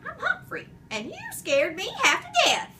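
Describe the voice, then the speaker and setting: A woman voicing a tiny, excitable male pet hamster with a squeaky, high-pitched, pleading voice. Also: moderate pace, a little hiss or hum, exaggerated voice. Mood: startled.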